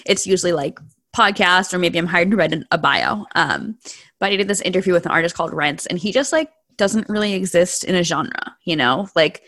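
A woman's voice: on the low side, fairly quick, a bit bright, no room sound. A woman hosting a music podcast, talking in a conversational, explanatory way with many fillers. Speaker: podcast host. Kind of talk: casual podcast chat.

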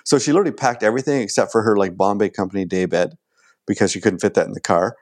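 A man, chatting casually as a guest and telling an animated story. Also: on the low side, fast. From Canada. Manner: animated storyteller acting out quoted lines.

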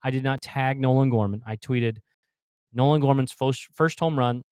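A man's voice: mid-range voice, normal speed, clean tone, dry recording. A man in his thirties in casual chat, telling a story with lots of restarts and repeated words. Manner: animated storyteller, repeats words, acts out the yelling fans. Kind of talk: casual chat on a video call.

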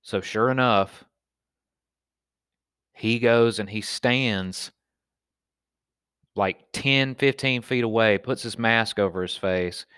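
A man's voice: on the low side, slow pace, pauses often, clean tone, no room sound, studio quality. A man from Alabama with a Southern accent, telling stories in a casual, profane monologue as a podcast host and stand-up comic. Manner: profane, animated storyteller.

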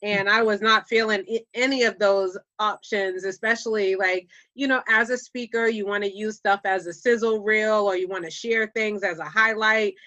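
A woman, telling stories in casual podcast chat, animated and slangy, often laughing. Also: mid-range voice, moderate pace, few pauses. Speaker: podcast guest, public speaker.

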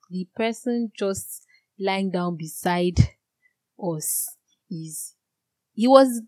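A woman telling her own story in an earnest, direct way, growing animated and indignant at times. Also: lowish voice, no room sound. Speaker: guest sharing a personal story. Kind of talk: candid personal testimony.

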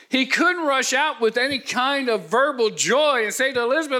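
Bright high-voiced male preacher. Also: moderate pace. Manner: dramatic, voices the angel with thunderous emphasis. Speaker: pastor. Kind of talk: sermon.

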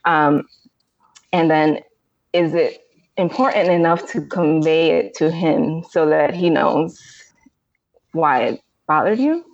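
A woman guest who coaches parents, giving advice in a relaxed, reflective way. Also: sits low, takes it slowly, long pauses, no echo. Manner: relaxed, reflective, laughs easily. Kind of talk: casual advice chat. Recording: dry, muffled lo-fi audio.

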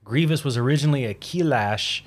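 A man's voice: medium pitch, fairly quick. A man co-hosting a podcast in casual, jokey chat who laughs often and tries impressions. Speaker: podcast co-host.

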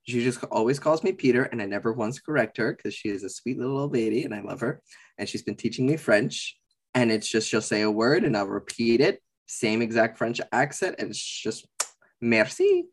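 A man's voice: mid-range voice, brisk, slightly rough. A man co-hosting a podcast in casual chat, playful and theatrical in how he talks. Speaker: podcast co-host.

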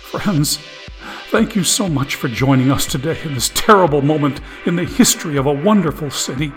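Fields: a man voicing a televangelist, high pleading sermon voice. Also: expressive, normal speed, faint music behind, natural voice. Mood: preaching. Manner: preachy, rising fervor, pleading. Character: fervent male TV preacher, tearful, pleading for donations.

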